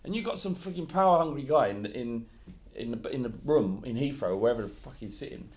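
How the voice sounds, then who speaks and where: A man's voice: mid-range voice, lively intonation, a little fast. A man co-hosting a football podcast, ranting heatedly in casual chat and swearing freely. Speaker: podcast co-host.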